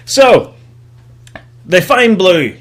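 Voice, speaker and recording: Here a young podcast host talks extremely slowly, his high, slightly bright voice swinging widely in pitch. He recaps a film with sarcastic, profane comedy and imitates the characters in mock voices.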